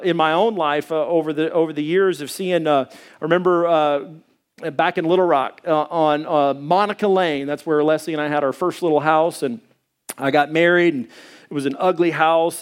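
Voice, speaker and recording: A middle-aged man preaching a sermon as a pastor, telling stories in a conversational way with many fillers and hesitations. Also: smooth. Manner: acts out quoted voices in a higher pitch.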